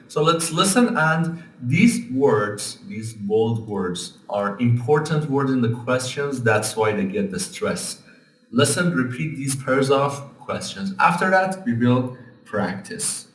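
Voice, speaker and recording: Recorded from a distant mic in an echoey room, a man teaches English, explaining grammar and pronunciation patiently, one step at a time. He sounds animated, with a mid-range voice and a slightly slow pace.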